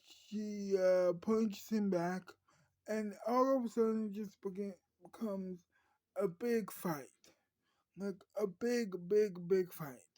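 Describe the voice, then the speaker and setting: A woman's voice: mid-range voice, takes it slowly, warm tone, no echo, low-quality recording. A woman telling an improvised story in a rambling way, often restarting and correcting herself.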